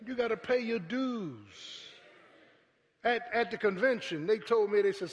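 Pastor man preaching, high voice swinging all over, big echoey church hall. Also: normal speed. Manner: preaching that builds to shouts, calling out to the congregation. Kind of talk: sermon. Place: church sanctuary.

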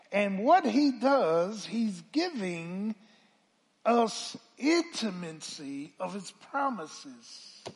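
A man pastor a sermon, swinging from hushed talk to loud calls and asking the congregation to answer back. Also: sits high, husky. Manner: preaching with call-and-response, swelling from hushed to loud.

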